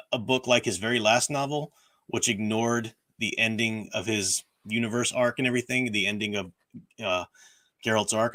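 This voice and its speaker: A hoarse man with a worn-out voice hosting a casual livestream, rambling with lots of restarts and fillers. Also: lowish voice, fairly bright tone. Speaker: livestream host. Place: at home, room with bookshelves.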